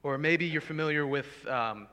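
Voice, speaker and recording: A man delivers a sermon with earnest, pleading conviction, his voice bright and forceful. He swells to loud cries for emphasis. The sound carries a long reverb, as in a big hall. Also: on the high side, moderate pace, clear, resonant tone. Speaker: preacher.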